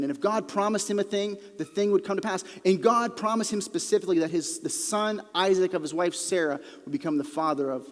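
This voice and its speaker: A male pastor preaching a sermon with earnest emphasis, sometimes dropping to a quiet, intense delivery. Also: high voice. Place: church auditorium. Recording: long reverb of a large hall.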